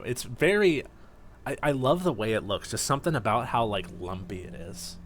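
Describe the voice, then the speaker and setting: A man's voice: medium pitch, big pitch swings, moderate pace, slight background noise. A man giving casual, rambling commentary while streaming a game, laughing at himself. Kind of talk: casual let's-play commentary.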